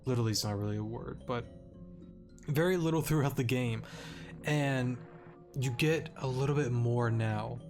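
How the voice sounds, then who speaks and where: A man's voice: mid-range voice, unhurried, long pauses, a little mellow, soft background music. Rambling male gameplay commentator. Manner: rambling, self-correcting with stammers. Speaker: let's-play commentator. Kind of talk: casual game story recap.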